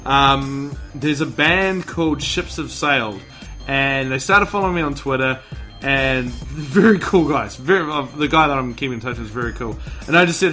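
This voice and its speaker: A man's voice: mid-range voice, moderate pace, bright, forceful tone, faint music behind. A man hosting a podcast in casual chat, rambling with lots of restarts, buzzing on caffeine. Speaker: podcast host.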